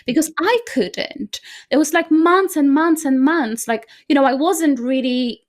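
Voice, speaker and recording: Animated woman guest, bright higher voice. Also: measured pace. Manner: animated, frequently adds "right?". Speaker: decluttering coach guest. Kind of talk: conversational storytelling.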